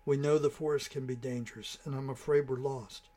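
A man's voice: medium pitch, fairly even intonation, brisk, warm tone, natural voice. Brief: male reader as a fretful little girl, plain voice, worried and pleading, storybook reading. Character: young girl, worried and obedient.

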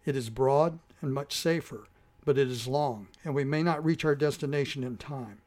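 A man voicing a calm, wise male Emberok guide in a storybook reading, speaking slowly and gravely. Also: medium pitch, natural voice. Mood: measured. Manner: slow, grave and measured.

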